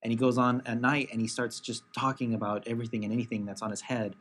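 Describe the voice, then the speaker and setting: A man co-hosting a casual podcast chat, halting and full of fillers, poking fun at himself. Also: medium pitch, level tone, fairly bright tone. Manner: hesitant, many fillers and restarts, self-mocking. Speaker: podcast co-host.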